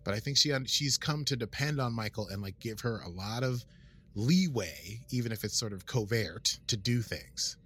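A man chatting casually about a TV episode in a nerdy, animated way. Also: mid-range voice, moderate pace, husky. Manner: nerdy, animated, puts on silly voices. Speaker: podcast co-host. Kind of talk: casual chat.

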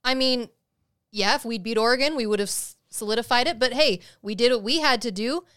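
Bright, high-voiced teasing woman. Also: a little fast, clear, resonant tone, no room sound, studio quality. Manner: teasing, playful. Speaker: podcast co-host. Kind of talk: casual sports chat.

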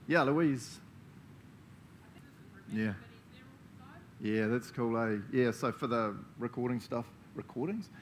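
A playful man preaching in a relaxed, chatty way, cracking jokes and calling on his listeners. His voice sits at an ordinary middle pitch over a faint low rumble. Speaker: pastor. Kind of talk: casual interactive sermon.

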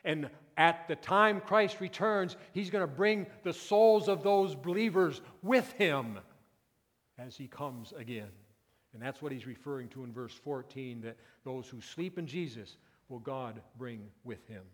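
A male pastor preaching a sermon, moving from quiet, intimate passages to loud, emphatic peaks. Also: on the high side, a little slow. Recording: long reverb of a church hall.

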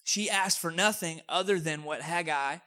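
Casual joking pastor. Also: male voice, fairly high pitch, moderate pace, bright, forceful tone. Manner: casual, joking, conversational preaching. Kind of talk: sermon.

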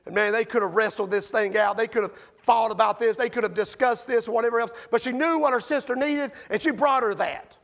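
A man preaching a sermon in a conversational way, asking his listeners questions, swinging from shouted peaks down to quiet, low passages. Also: a little fast, hardly any pauses. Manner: conversational, asks the congregation questions. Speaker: pastor.

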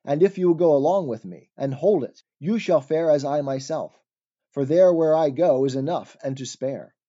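Brief: a troubled, earnest pilgrim pleading in archaic words, mellow and dull-sounding, voiced by a male narrator. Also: a little high, moderate pace, lightly acted. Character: troubled pilgrim man fleeing his city, earnest.

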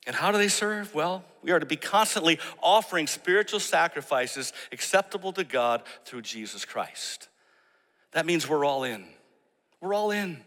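A man preaching a sermon, telling a story and acting out the people in it with animated emphasis. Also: fairly high pitch, normal speed, in a large hall. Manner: storytelling, animated when quoting others. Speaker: pastor.

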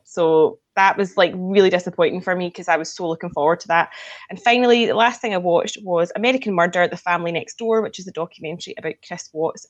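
A woman host in easy, chatty conversation, blunt and outspoken. She swears casually as she goes, in a relaxed, natural voice. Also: fairly low pitch, muffled recording. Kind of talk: casual chat.

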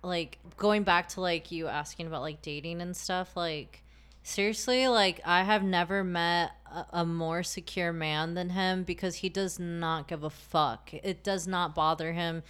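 A woman's voice: fairly low pitch, a little slow, smooth. A woman in candid podcast chat, telling stories animatedly and acting out what others said, with many fillers. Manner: animated storytelling, acts out quoted voices, many likes. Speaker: guest.

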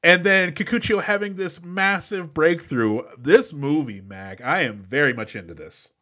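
A man's voice: a little high, animated, unhurried, bright, forceful tone. A man co-hosting a podcast, recapping a movie with enthusiastic, profane storytelling on a close mic. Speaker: podcast co-host. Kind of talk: casual movie recap chat.

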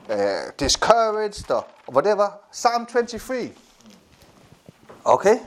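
Male preacher, high voice, animated delivery, frequent laughs and repeated phrases. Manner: animated, repetitive, laughs often. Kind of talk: sermon.

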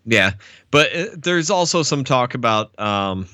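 A man's voice: mid-range voice, expressive, a little slow, bright, forceful tone, smooth, no room sound, clean studio sound. A man co-hosting a podcast in easygoing casual chat, often laughing and hesitating with "uh". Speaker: podcast co-host.

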